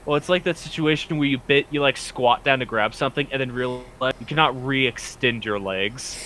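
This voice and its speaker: A man runs a tabletop role-playing session as game master, describing scenes in a relaxed, conversational way. His voice is bright and forceful, with a faint hiss of noise in the background. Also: mid-range voice, normal speed, low-quality recording. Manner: descriptive, easygoing narration with fillers.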